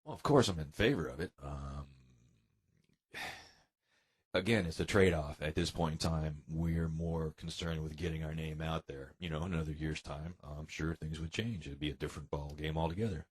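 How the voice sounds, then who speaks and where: An American man, a guest musician, answering interview questions in a relaxed, hesitant way. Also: a bass voice, moderate pace, breathy edge. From United States. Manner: relaxed, hesitant with many ums. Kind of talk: casual interview chat.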